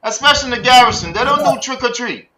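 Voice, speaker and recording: Bright-voiced Jamaican man ranting. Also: very high voice, fast talker, a little hiss or hum, low-quality recording. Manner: animated, ranting, patois-laced, repeats words. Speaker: podcast host. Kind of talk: heated casual commentary.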